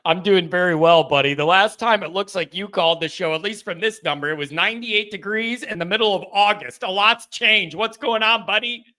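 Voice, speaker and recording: Bright-voiced male call-in show host. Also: sits high, brisk, few pauses. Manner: casual, chatty, laughs often. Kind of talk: live call-in sports talk.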